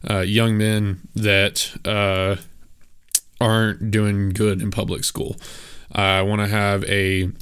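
A man's voice: on the low side, smooth. A man hosting a solo podcast, talking casually and candidly in a rambling way with lots of filler words. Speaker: podcast host.

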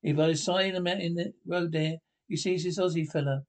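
An actor playing a chatty working-class bloke telling a rambling anecdote about a mate, in a sketch comedy show. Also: male voice, on the high side, steady tone, moderate pace, close to an everyday voice. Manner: rambling, casual, self-correcting storytelling.

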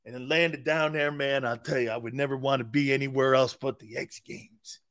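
A man's voice: mid-range voice, fairly even intonation, normal speed, fairly bright tone, pitched below the performer's own voice, lightly acted. A man voicing a dazed, stoned young extreme-sports athlete who drawls and repeats himself. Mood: dreamy.

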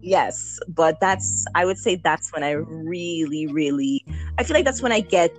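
A woman's voice: low voice, unhurried, faint music behind. A woman newborn photographer chatting in an interview, laughing easily and acting out what people say. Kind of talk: casual interview chat.

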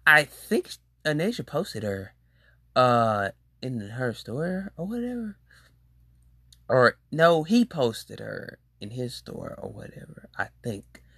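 Young adult host, rambling slangy storyteller, pitch jumps all over, dry close sound. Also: slow, breathy edge, no echo. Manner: rambling and slangy, with animated exclaimed reactions. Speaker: podcast host. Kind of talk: casual storytelling monologue.

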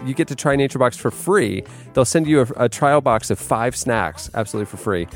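A man's voice: medium pitch, animated, faint music behind. A man hosting a podcast, reading a snack ad in a casual, upbeat way with a few fillers. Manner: brisk, upbeat ad read with fillers. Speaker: podcast host. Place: podcast studio.

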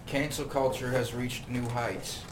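Male co-host, mid pitch, meandering crude anecdotes; off-mic with light hiss. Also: fairly even intonation, a little slow. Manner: meandering, profane storytelling. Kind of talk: casual chat. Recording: mic far off.

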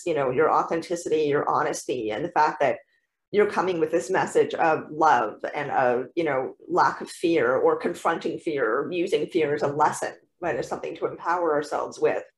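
A woman hosting a podcast interview, effusive and encouraging as she praises her guest. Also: low-pitched. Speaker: podcast host. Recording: echoey room.

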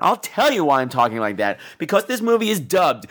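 Animated, sarcastic man ranting. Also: sits high, moderate pace, few pauses. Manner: profane, sarcastic, animated storytelling. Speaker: podcast host reviewing bad movies. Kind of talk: comedic movie-review rant.

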